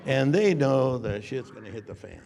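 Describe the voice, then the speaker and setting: An older man telling an animated anecdote on a convention panel, acting out dialogue and laughing often. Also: mid-range voice, normal speed, gravelly. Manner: acts out dialogue with shifting voices, laughs often. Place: large convention hall. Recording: long hall reverb.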